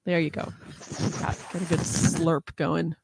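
A woman guesting on a comedy podcast in a home studio, casual and deadpan with teasing jokes. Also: sits low, measured pace, vocal fry, noisy background.

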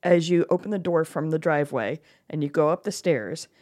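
A middle-aged woman co-hosting a casual podcast over wine, animated and quick to laugh. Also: deep voice. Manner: animated, laughs often, bursts of excitement. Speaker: podcast co-host.

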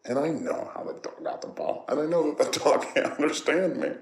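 A man rambling casually and jokingly in a relaxed monologue, swearing now and then. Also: on the high side, fairly quick, creaky. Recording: roomy echo.

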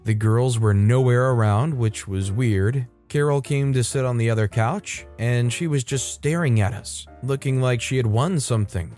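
A man reading online stories aloud in a steady, conversational way and adding brief comments of his own. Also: mid-range voice, moderate pace, hardly any pauses. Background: faint background music.

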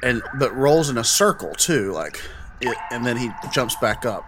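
A man's voice: mid-range voice, big pitch swings, normal speed, noisy background. A man narrating as game master in a loose, rambling way with many fillers.

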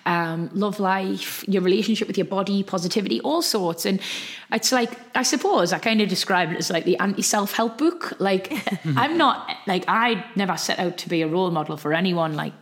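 A woman with a Geordie accent, chatting as an author guest in a casual interview, quick and full of "like". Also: medium pitch.

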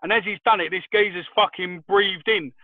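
Give me a high-pitched, foul-mouthed man over a thin, phone-like line, spinning chatty anecdotes. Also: fairly quick, no echo. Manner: swears freely, animated anecdotes. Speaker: podcast co-host. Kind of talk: casual chat.

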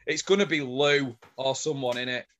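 A man co-hosting a podcast in casual chat, eager and animated, with some swearing. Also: medium pitch, normal speed. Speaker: podcast co-host.

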